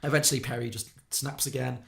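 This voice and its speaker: A man on a podcast, retelling a film plot quickly and acting out the characters' lines. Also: medium pitch, level tone, creaky, a bit bright. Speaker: podcast co-host. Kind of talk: casual film podcast recap.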